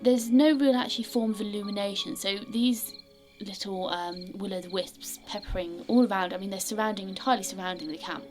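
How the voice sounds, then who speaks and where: A woman's voice: mid-range voice, a little fast, few pauses, music in the background. Woman narrating as game master. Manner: descriptive, dropping to a hush for suspense.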